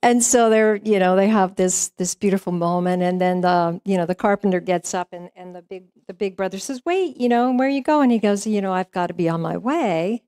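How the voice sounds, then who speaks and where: A woman minister speaks from the pulpit in a middle-pitched voice, talking loosely and conversationally. She weaves a parable into her sermon, leaning on "you know" and "um" as she goes. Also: brisk, hardly any pauses, clean tone, no echo, clean studio sound. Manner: warm conversational storytelling with frequent fillers and laughs. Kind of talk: sermon with storytelling. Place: church sanctuary.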